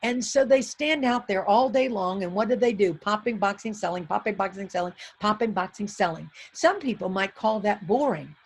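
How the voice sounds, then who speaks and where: Husky-voiced woman giving a comedic keynote. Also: medium pitch. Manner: exuberant storytelling with punchy repetition. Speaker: motivational keynote speaker.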